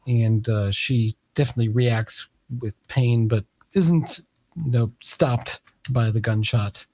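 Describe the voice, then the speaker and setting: A man runs a tabletop game as its game master, describing scenes and calling turns in a halting, filler-heavy way. His voice sits mid-range and sounds dry and close to the mic. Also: mid-range voice, mellow, no echo. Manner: hesitant, many fillers.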